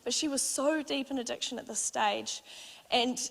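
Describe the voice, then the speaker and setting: A woman's voice: high-pitched, normal speed, creaky. A young woman gives a sermon in a church, telling her own story in a heartfelt, conversational way. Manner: heartfelt, conversational storytelling with lively re-enacted exchanges. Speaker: church speaker. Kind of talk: sermon with personal testimony. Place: church auditorium. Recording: church hall reverb.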